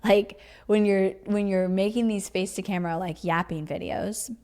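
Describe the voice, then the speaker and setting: This podcast host speaks in a mid-range, darkish voice with fairly even intonation at a moderate pace. Talking casually on her own, she riffs freely in an emphatic, teacherly, chatty style loaded with "like" and "you know."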